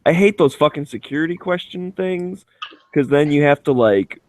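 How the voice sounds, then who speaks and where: A man's voice: fairly high pitch, normal speed, no echo. A man chatting casually with friends, his voice leaping up and down as he acts out both sides of a story. He swears freely and rambles with fillers. The sound is dry and close. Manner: profane, animated storyteller who acts out voices. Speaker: show host. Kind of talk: casual chat.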